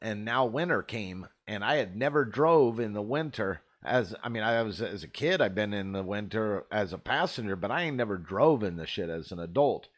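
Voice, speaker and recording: A man's voice: lowish voice, animated, normal speed, hardly any pauses. A man host telling rambling, profane stories in a laid-back, casual way. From Arizona. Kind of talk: casual storytelling.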